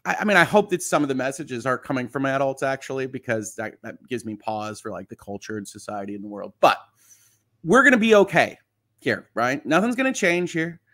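A man hosting a casual livestream, reading viewer comments aloud and answering them one by one. He sounds reassuring and jokes along the way, at a pitch in the middle of the male range. His loudness swings from soft asides to emphatic lines. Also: animated, fairly quick. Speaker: livestream host.

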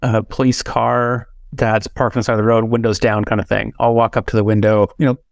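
A man's voice: fairly low pitch, little pitch movement, brisk, vocal fry, no echo. A man hosting a podcast interview, speaking earnestly and rambling with lots of fillers. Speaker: podcast host. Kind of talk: interview conversation.

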